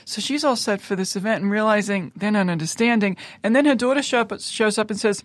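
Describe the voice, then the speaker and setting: A woman of middle pitch tells a film's story in a relaxed chat, slipping into the voices of the characters. Her voice sits dry and close, with no room sound. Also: brisk, few pauses, dry recording. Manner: animated storyteller, acting out family members' lines. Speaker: podcast co-host. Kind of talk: casual chat, retelling a film plot.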